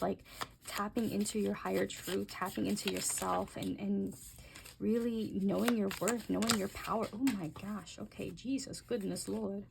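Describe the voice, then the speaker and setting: A young woman doing a casual tarot reading, talking gently and musing aloud, with soft exclamations as she turns the cards. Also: medium pitch, gravelly, a little hiss or hum. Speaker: tarot reader.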